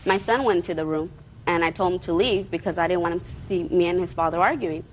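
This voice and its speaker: A woman testifies as plaintiff in a courtroom, telling her story in long, earnest runs. Her voice sits a little low, and she turns defensive when pushed. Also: fast talker, a little hiss or hum, rough recording.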